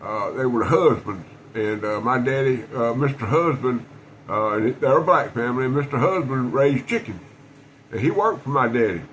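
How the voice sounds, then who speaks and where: A man, his voice sitting at an ordinary middle pitch for a man, talks casually to camera with faint room ambience underneath. He tells things in a folksy, rambling way, looping back on himself with restarts and fillers. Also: lively intonation, moderate pace, a bit bright, a little hiss or hum, rough recording. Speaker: knife collector vlogger.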